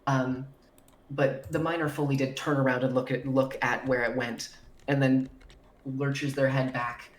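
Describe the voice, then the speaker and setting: A woman's voice: rumbling low, little pitch movement, a little slow. A woman narrating as dungeon master in casual chat, swearing freely and using many fillers. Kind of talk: narrating a tabletop game. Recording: roomy echo with faint music.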